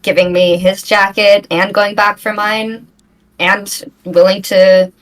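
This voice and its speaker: A woman playing a poised bachelorette, reading out questions in a measured way. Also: mid-range voice, level tone, close to an everyday voice, poor audio. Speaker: contestant. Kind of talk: comedic improvised dating game.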